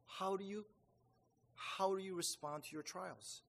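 A man delivering a sermon in a fairly high voice that carries a long hall reverb. He talks conversationally, stumbling over restarts and fillers, then jumps up in pitch to act out his reactions. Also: measured pace, vocal fry. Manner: animated, acts out reactions with rising pitch. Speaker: pastor.

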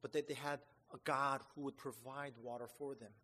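A man preaching a sermon in a conversational, animated way, with fillers and restarts, sometimes acting out his own reactions. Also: moderate pace. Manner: animated, acts out reactions with rising pitch. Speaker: pastor. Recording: long hall reverb.

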